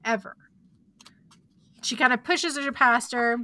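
Bright-voiced woman recapping a story. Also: on the high side, animated, moderate pace, no echo. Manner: chatty, full of likes and asides. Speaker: podcast host.

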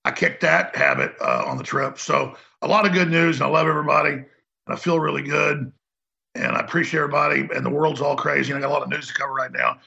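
Heavily gravelly ranting radio man. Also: a little high, quick pace, bright, forceful tone, muffled recording. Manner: heated, rambling, emphatic. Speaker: talk radio host.

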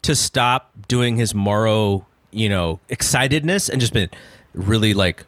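A man co-hosting a podcast, talking in a casual, animated way as he rants through a critique. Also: medium pitch, a little slow, no echo. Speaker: podcast co-host.

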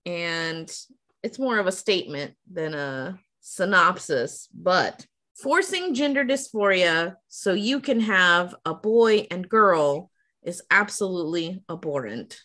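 A woman's voice: fairly low pitch, animated, takes it slowly, a bit bright. A woman co-hosting a podcast, giving blunt, emphatic opinions in a casual movie chat. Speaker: podcast co-host.

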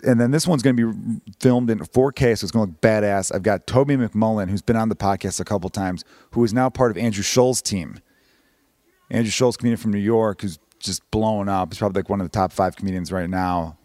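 A man in his thirties, hosting his own podcast as a comedian, talking fast and rambling with casual swearing and self-deprecating asides. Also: deep voice, a little mellow, no echo. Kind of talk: casual solo podcast monologue. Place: home room.

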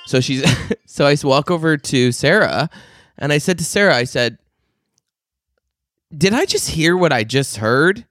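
A man telling a story in casual podcast chat, laughing often and swearing freely, sometimes mimicking shrill yelling. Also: expressive, measured pace, long pauses, no echo, clean studio sound, soft background music. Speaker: podcast co-host.

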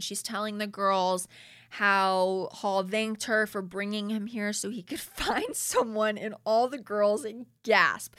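A woman's voice: mid-range voice, fairly bright tone, no room sound, studio quality. A woman hosting a podcast in casual chat, opinionated and chatty with many filler words. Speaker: podcast host recapping a reality show.

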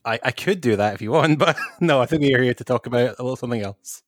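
A man's voice: medium pitch, fast talker, dry recording, studio quality. A Scottish man from Scotland, a guest on a gaming podcast, talking in an easygoing, rambling way. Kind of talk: casual podcast chat.

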